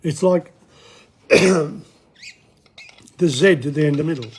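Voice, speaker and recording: A man teaching a casual French lesson in English, repeating phrases and chatting as he goes, his voice going hoarse. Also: fairly high pitch. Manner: chatty, self-interrupting, repeats phrases slowly. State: losing his voice, coughing. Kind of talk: casual spoken language lesson.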